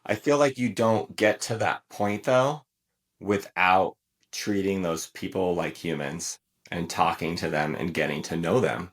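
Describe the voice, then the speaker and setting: Husky, low-voiced middle-aged man. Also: measured pace. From United States. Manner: thoughtful, builds on metaphors. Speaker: podcast guest, retired Marine. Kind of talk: casual conversation.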